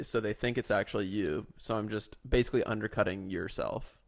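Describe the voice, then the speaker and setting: Gravelly teasing young man. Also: lowish voice, a little fast, few pauses. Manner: teasing, sarcastic, mock-serious. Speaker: podcast co-host. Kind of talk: casual chat.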